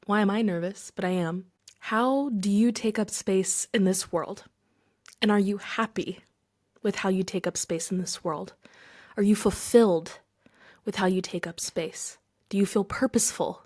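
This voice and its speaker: A woman's voice: mid-range voice, a little mellow. Earnest woman podcast host, reflective talk, whispers for emphasis. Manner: earnest, with whispered emphasis and slow dramatic pauses. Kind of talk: reflective monologue.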